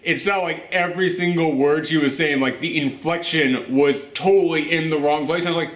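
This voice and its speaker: Male movie-review host: animated, casual, swears often, slips into mocking quotes; slightly high voice, roomy echo. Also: moderate pace. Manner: animated, swearing, with acted asides. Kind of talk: casual spoiler review chat. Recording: echoey room.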